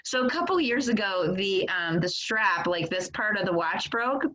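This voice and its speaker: A woman's voice: medium pitch, lively intonation, normal speed, pushed and bright, poor audio. A woman chatting casually in a book club, telling a personal story in a rambling way and laughing often. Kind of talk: casual chat.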